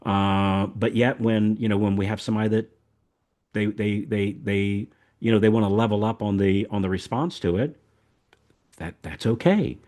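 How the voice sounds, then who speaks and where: Older man from the American South hosts a podcast in a loose, folksy chat. His voice sits a little low, and he rambles with lots of repeated words and restarts. The talk stays easygoing throughout. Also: moderate pace, darkish tone. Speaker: podcast host. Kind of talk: casual chat.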